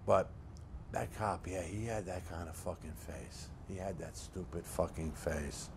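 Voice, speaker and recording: A man playing a deep-voiced profane hulking crook. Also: measured pace, creaky, background noise. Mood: bitter. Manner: blunt, swears constantly, streetwise lecturing. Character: hulking profane criminal man, coldly scheming. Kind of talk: low-budget film monologue.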